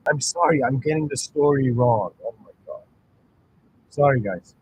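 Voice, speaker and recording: A man's voice: medium pitch, moderate pace, background noise. A man telling a story in a casual explanatory talk, rambling, correcting himself and often checking in with listeners. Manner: rambling, self-correcting, keeps asking "right?". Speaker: channel host.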